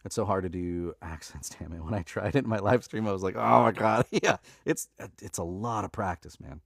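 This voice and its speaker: Man, deep voice, dry sound, laid-back live-stream chat, rambling with fillers and laughs. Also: expressive, fairly quick, no room sound. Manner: laid-back and chatty, many fillers and laughs, says "dude". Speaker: audiobook narrator and live-stream host.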